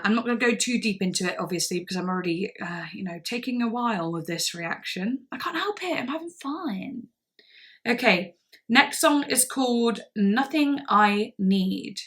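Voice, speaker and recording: A woman's voice: medium pitch, lively intonation, normal speed, a bit bright. A woman doing casual, effusive music reaction commentary, chatty and swearing freely.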